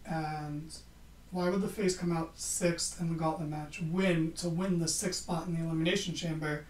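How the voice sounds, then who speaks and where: A man's voice: on the high side, steady tone, normal speed. A man hosting a podcast, giving a casual, sarcastic wrestling recap and swearing freely. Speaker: podcast host. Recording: roomy, distant from the mic.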